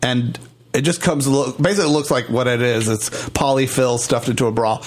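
A man hosting a podcast in casual, playful chat, campy and quick to break into laughter and goofy voices. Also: medium pitch, fairly even intonation. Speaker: podcast host.

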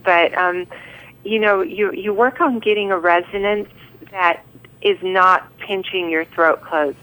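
A woman guest in a casual interview, who pauses and repeats words while she thinks, heard over a thin phone line. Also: mid-range voice, pushed and bright.

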